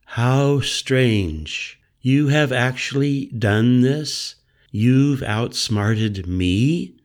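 A man's voice: mid-range voice, takes it slowly, darkish tone, natural voice. A man voicing a grandiose, arrogant man who is slightly unhinged and talks in a self-admiring, dreamy way. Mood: dazed.

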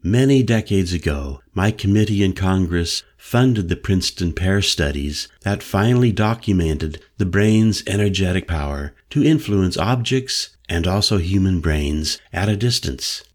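Man voicing an old man, mystic elder, low penetrating voice, solemn, lecturing, deep, slow. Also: lively intonation. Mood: earnest. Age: older. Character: old male mystic elder, insistent and preachy. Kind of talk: audiobook character voice.

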